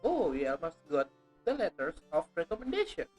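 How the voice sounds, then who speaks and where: A woman's voice: low-pitched, huge pitch swings, a little fast, darkish tone, soft background music. Chatty woman streaming a game. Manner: chatty, playful, jokey asides. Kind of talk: casual live-stream commentary.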